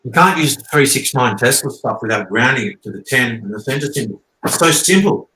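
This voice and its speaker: A guest teacher rambles and swears while explaining things casually, frequently asking "okay?" His mid-range voice is animated, brisk, bright and forceful, with a slight hiss or hum over a roomy echo.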